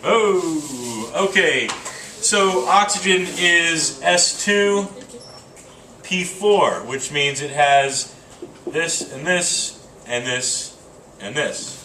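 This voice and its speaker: A man's voice: on the high side, extremely slow, sharp tone, recorded from a distance, slight background noise. Joking male teacher in a roomy classroom. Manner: casual, joking, thinks aloud with fillers. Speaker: chemistry teacher. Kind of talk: classroom lecture.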